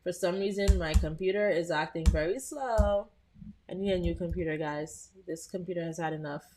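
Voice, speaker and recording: A woman hosting a live software tutorial, talking casually to her viewers with frequent "um" and "like" as she works. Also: fairly low pitch, normal speed. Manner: chatty, addresses viewers as "you guys", frequent "um" and "like". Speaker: host.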